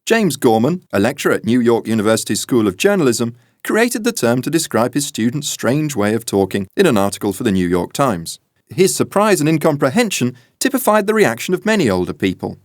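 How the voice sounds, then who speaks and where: Male presenter, scripted feature read with a lively, varied pitch, dry studio sound. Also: brisk, no echo. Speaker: magazine audio presenter. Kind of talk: scripted narration.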